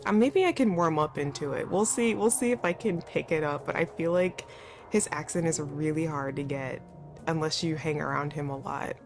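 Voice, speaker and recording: Chatty woman streamer, low-pitched. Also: moderate pace. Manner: chatty, laughs often, self-deprecating. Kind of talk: casual let's-play commentary. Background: faint background music.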